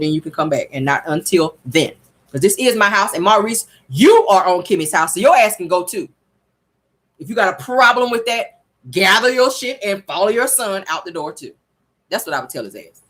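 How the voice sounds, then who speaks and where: A woman recapping a reality show episode in a sassy, animated, gossipy way. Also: fairly low pitch. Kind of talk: casual recap commentary.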